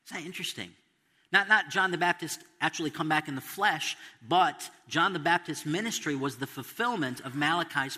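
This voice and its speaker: A man's voice: mid-range voice, sharp tone, big-room sound. A man preaching an expository sermon, stressing quotes and asking the listeners questions. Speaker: pastor.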